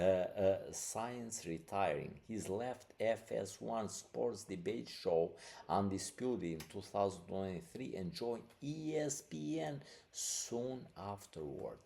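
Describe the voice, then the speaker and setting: A man's voice: on the low side, gravelly, warm tone. A man hosting a podcast, talking casually and rambling, with many fillers. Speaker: podcast host. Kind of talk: casual commentary.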